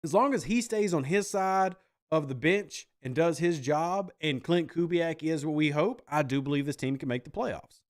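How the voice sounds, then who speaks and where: Brief: animated male podcast host, slightly high voice, sarcastic banter. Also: moderate pace. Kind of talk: casual chat reacting to viewer comments.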